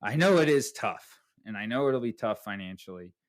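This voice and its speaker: A man's voice: fairly low pitch, animated, normal speed. Swearing man telling a story. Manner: profane, tags lines with "right?". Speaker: podcast host. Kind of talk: casual podcast storytelling.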